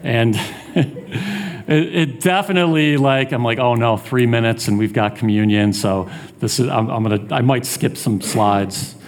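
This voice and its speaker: In an unhurried, medium-pitched voice, a man preaches earnestly and conversationally, with plenty of restarts. When he acts out taunts, his voice rises.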